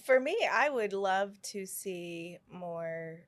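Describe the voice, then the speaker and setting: A woman's voice: medium pitch, expressive, slow. A woman, an event organizer guest speaking earnestly and a bit hesitantly in a casual interview.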